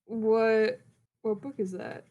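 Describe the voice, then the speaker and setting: A woman taking her turn in a casual tabletop game. Her voice sits a bit high, and she often eases into lines with a hesitant "uh" or "um". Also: little pitch movement, slow, warm tone, muffled recording. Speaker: player.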